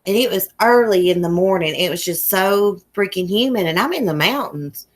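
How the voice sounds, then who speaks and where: A woman's voice: mid-range voice, expressive, moderate pace. A woman from Southwest Virginia with a strong Appalachian country accent, hosting a casual livestream, chatting folksily and laughing often. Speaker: YouTube livestream host. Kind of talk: casual livestream chat reading comments. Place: home in a small mountain town.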